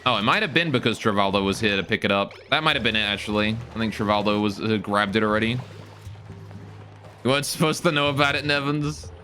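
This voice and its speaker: A man's voice: fairly low pitch, fast, pushed and bright, soft background music. A man streaming a game live, joking with his chat while he plays. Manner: joking, chats with viewers while playing.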